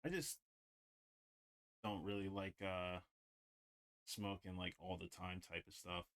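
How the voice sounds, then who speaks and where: A man's voice: low-pitched, level tone, takes it slowly, a bit bright. A man livestreaming while he draws, chatting casually and rambling with lots of "like". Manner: rambling, heavy use of "like". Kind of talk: casual chat while drawing.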